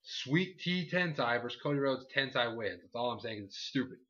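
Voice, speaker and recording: A man chats loosely through a wrestling recap, rambling and breaking into goofy impressions of what people said. His voice is bright and forward. The recording sounds dull and lo-fi. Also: mid-range voice, expressive, normal speed. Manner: rambling, acts out quotes in silly voices. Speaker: podcast co-host. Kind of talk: casual wrestling recap chat.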